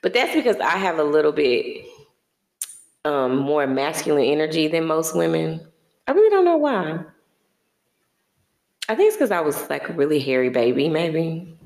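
Woman co-host, casual chat, blunt and emphatic, low voice, roomy echo. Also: sing-song, moderate pace, pauses often, darkish tone. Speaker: podcast co-host.

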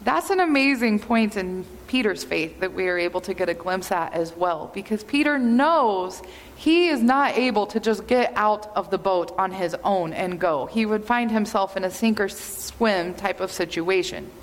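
A woman pastor giving an earnest, measured sermon in a church. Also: medium pitch, animated. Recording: long hall reverb.

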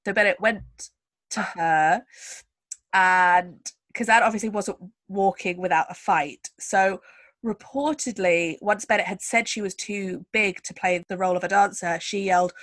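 A woman's voice: medium pitch, normal speed, fairly bright tone, no room sound. A woman hosting a podcast, telling a story in a chatty, wry way with lots of asides. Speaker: podcast host. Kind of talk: casual chat.

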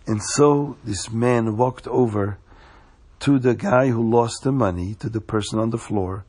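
A man telling a story, slowing down for suspense. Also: mid-range voice, a little mellow, husky. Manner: slows down for suspense.

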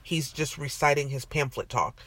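A woman's voice: extremely low pitch, normal speed, fairly bright tone, breathy edge. A woman co-hosting a podcast, chatting casually and ranting in exasperation about soap opera plots. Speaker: podcast co-host.

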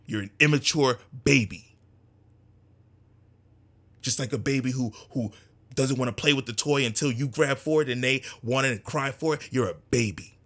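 A man speaks to his community in an impassioned monologue, his voice husky and middle-pitched. He drives his points home with fervent repetition, rising to forceful emphasis and dropping to near-whispers. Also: moderate pace.

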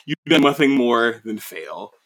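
A man's voice: medium pitch, big pitch swings, a little slow, fairly bright tone, full character voice. A man voicing a defiant young male prisoner who taunts his captor, in a casual retelling. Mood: taunting. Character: defiant young male captive, calm and cutting.

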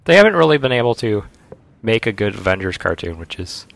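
A man's voice: fairly low pitch, big pitch swings, brisk, vocal fry, a bit bright. A man co-hosting a podcast, chatting casually and enthusiastically about cartoons. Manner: chatty, enthusiastic fan banter. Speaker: podcast co-host. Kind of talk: casual chat.

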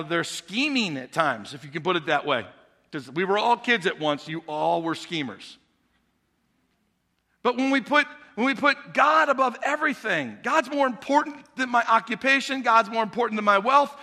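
A man's voice: high voice, bright, forceful tone. A male pastor preaching a conversational sermon in a church sanctuary, talking the congregation through an illustration and posing questions to them. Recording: long hall reverb.

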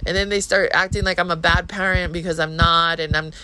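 Here the podcast host, a woman in her thirties with a Hawaiian Pidgin accent, talks fairly quickly in a lowish, steady voice against a noisy background. It's a casual monologue, rambling, blunt and full of profanity.

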